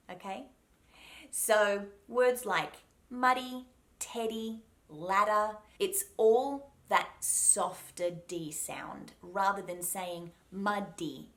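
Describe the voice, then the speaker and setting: A young Australian woman coaching accent tips straight to camera. Her pitch moves animatedly around a mid range, and she slows down carefully whenever she models a sound. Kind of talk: pronunciation lesson to camera.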